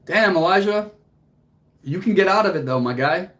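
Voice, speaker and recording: A man's voice: sits high, animated, moderate pace, a bit bright. A young man hosting a livestream, speaking earnestly and emotionally to viewers, motivational and casual with swearing. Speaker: fitness coach and livestream host.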